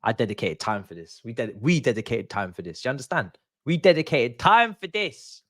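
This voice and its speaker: A man's voice: mid-range voice, a little fast. A young man hosting a football watchalong, ranting in exasperation in casual stream chat. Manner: exasperated, animated ranting with laughs. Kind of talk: casual live-stream rant.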